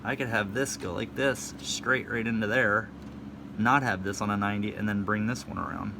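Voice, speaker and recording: A man's voice: on the low side, normal speed, gravelly. Dry, teasing man in a noisy garage. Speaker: friend and car owner. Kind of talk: casual banter while working on a car. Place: home garage. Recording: garage recording with background noise.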